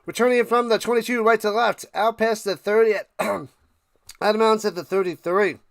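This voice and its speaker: A man streaming live play-by-play of a football game, chatting casually with viewers and getting loud on big plays, with a tickle in his throat. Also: high voice, steady tone, vocal fry, no echo, clean studio sound. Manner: thanks chat viewers by name between game calls; rises loud and fast calling big plays. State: clearing his throat and coughing.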